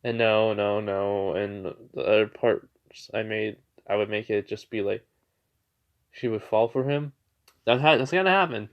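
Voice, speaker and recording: A man's voice: fairly low pitch, a little slow, muffled recording. A young man casually telling a fan fiction story, rambling with fillers and restarts.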